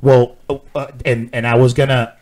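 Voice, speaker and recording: A man's voice: mid-range voice, level tone, unhurried, a little mellow. A young man co-hosting a casual podcast, joking, laughing often and swearing casually. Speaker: podcast co-host. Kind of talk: casual chat.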